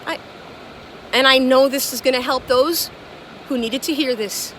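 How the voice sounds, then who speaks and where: High, bright-voiced woman, earnest spiritual vlog. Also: slight background noise. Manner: earnest, gushing, repeats affirmations; halting, many restarts. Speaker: spiritual vlogger channeling light language. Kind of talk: casual spiritual talk to viewers.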